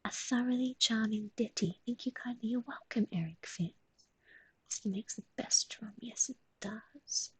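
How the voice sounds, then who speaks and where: A woman's voice: fairly high pitch, unhurried, darkish tone, slightly rough, no echo, low-quality recording. A young woman hosting a livestream at home, mostly whispering as she coos baby talk to her pet, with sing-song improvised rhymes. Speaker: livestream host.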